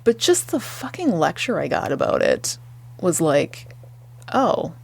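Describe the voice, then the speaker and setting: A woman co-hosting a casual podcast, telling an exasperated story in an animated way, acting out the people she quotes and swearing freely. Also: low voice, unhurried, creaky, slight background noise. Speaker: podcast co-host.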